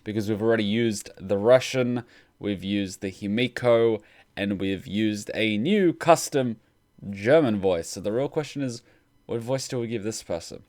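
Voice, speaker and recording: A man's voice: on the low side, a little slow, darkish tone. A man hosting a game playthrough, reading the on-screen text aloud and chatting with viewers, stalling with fillers as he improvises voices. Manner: reads narration, then rambles and stalls while improvising voices. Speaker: let's play host. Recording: game music behind voice.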